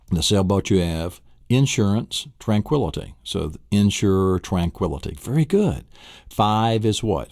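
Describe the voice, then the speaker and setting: Low mellow-voiced male memory teacher. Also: no room sound, clean studio sound. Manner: enthusiastic, asks and answers his own questions. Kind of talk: spoken lesson walkthrough.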